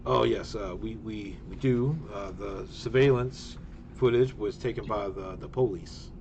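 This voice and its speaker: A hesitant, courteous middle-aged diner manager with a Southern Georgia drawl, put on by a game master. He speaks at an unhurried, slow pace in a mid-range voice, stopping often for fillers. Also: lowish voice, vocal fry, darkish tone, muffled recording, a little hiss or hum. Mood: obliging.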